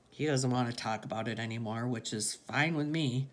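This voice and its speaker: A woman's voice: rumbling low, moderate pace, hardly any pauses. A woman reading a first-person audiobook narration in a plain, conversational way. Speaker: audiobook reader.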